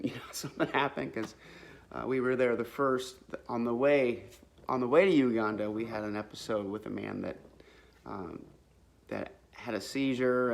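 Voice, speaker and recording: A man's voice: medium pitch, gravelly. A man casually telling a personal faith story in a rambling, earnest way, full of fillers and restarts. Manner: faith-filled, religious language. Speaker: vlogger sharing a testimony.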